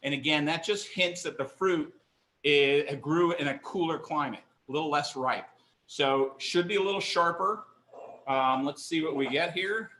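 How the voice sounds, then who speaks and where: A fairly high, bright, forceful male voice at a moderate pace fills a roomy-sounding space. It belongs to a middle-aged wine instructor leading a live online tasting from his indoor kitchen counter, chatty, enthusiastic and self-deprecating.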